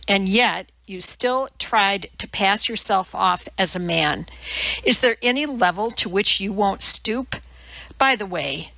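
A sarcastic female personnel officer with a gravelly edge under a bright, sharp tone, needling and mocking, as a woman puts her on. The read is close and dry. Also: medium pitch, no room sound. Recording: slightly dull lo-fi.

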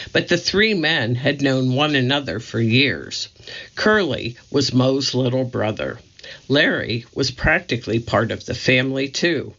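A woman reads a children's book aloud for an audio reading service. She takes her time and lets her voice rise and fall expressively. The audio is dull and lo-fi. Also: extremely low pitch. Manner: slow, deliberate and expressive.

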